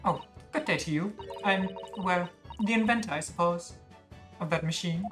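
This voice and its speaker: A man doing a squeaky high girl, bossy inventor, haughty, bright. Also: normal speed, faint music behind. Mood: brisk.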